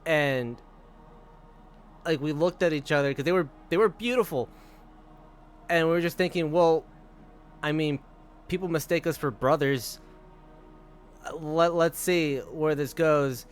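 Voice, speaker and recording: A man's voice: fairly high pitch, unhurried, pauses often, clean tone. Laughing young man telling a rambling story. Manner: rambling, laughing, swearing freely. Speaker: streamer. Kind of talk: casual storytelling while gaming.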